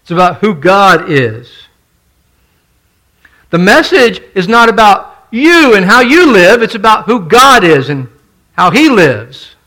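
A man's voice: sits high, sing-song, slow pace, pushed and bright. A male pastor preaching a sermon, stressing and repeating his key points and putting questions to the congregation.

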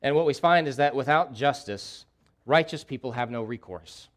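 A male pastor preaching with rising intensity, repeating phrases to hammer home each point. His voice sits at an ordinary middle pitch for a man. He swings between urgent, pleading outbursts and quieter, reflective stretches. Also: expressive, moderate pace. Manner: impassioned preaching with emphatic repetition, voicing a prophet's pleas. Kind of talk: sermon.

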